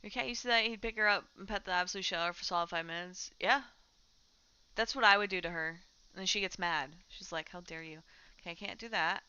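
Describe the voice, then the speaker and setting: Woman streamer, chatty gaming talk, bright and smooth voice, dull lo-fi mic. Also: medium pitch, quick pace. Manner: chatty, talks to her cat while playing. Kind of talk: casual chat while gaming.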